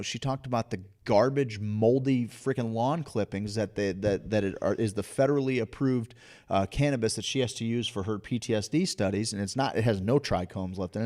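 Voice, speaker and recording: A man's voice: fairly low pitch, darkish tone. A man co-hosting a casual podcast, ranting passionately and emphatically, restarting his sentences as he pushes his points. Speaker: podcast co-host.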